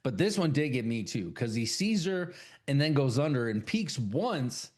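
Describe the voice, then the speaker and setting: A man's voice: mid-range voice, very animated, moderate pace, darkish tone. A man co-hosting a casual podcast, eagerly retelling film scenes, swearing often and acting out characters' lines. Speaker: podcast co-host. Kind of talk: casual chat.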